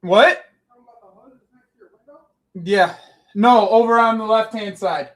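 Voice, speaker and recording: A high-voiced man hosts a live football watch-along at a home desk mic, keeping a measured pace. He swears constantly, yells at the referee, calls his viewers boys and bro, and reacts loudly to every play.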